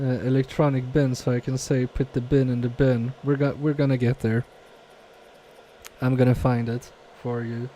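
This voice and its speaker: A man's voice: medium pitch, warm tone, a little hiss or hum. A man casually live-streaming a repair from his home workbench, reading viewer chat aloud and muttering to himself with self-mocking humor.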